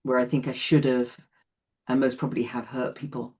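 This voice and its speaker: A woman's voice: rumbling low, little pitch movement, moderate pace, a little mellow. A woman in her late sixties teaching an online class in a chatty way, often laughing between points. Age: 60s.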